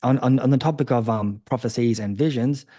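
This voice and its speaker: A man's voice: mid-range voice, a little fast, mellow, dry recording, studio quality. A man hosting an interview, asking probing follow-up questions. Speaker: host.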